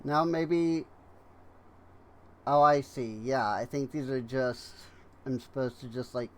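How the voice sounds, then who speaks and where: Slow, rambling tired-sounding man gaming. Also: mid-range voice, fairly even intonation. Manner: rambling, unhurried, many fillers and trailing thoughts. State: yawning, tired. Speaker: gaming streamer. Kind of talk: casual let's-play commentary.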